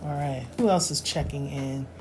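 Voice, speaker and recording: A woman's voice: rumbling low, normal speed, darkish tone, slight background noise. A woman in her forties tutoring math in a casual live-stream lesson, chatty and joking, laughing often.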